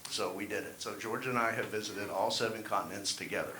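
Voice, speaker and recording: A man's voice: lowish voice, a little fast, bright, forceful tone. A man performing a wry, self-deprecating stand-up set at an open mic. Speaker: stand-up comedian. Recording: echoey room, faint hiss.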